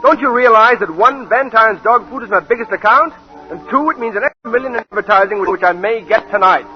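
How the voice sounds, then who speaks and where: A man's voice: sits high, fast, close to an everyday voice. A man playing an anxious, ambitious husband in a 1940s radio play, placating and impatient. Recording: muffled old radio broadcast with music.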